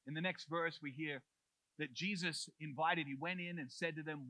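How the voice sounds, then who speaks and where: A man's voice: a little high, fairly even intonation, normal speed, bright, forceful tone, no echo, rough recording. A male pastor preaching a conversational sermon in church, often saying "like" and retelling the story in his own words.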